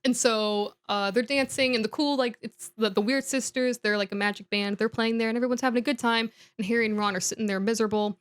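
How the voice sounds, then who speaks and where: A woman's voice: a little high, fairly even intonation, fast, hardly any pauses, smooth. A woman co-hosting a podcast, giving a casual comedic recap in a giggly, rambling way. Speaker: podcast co-host.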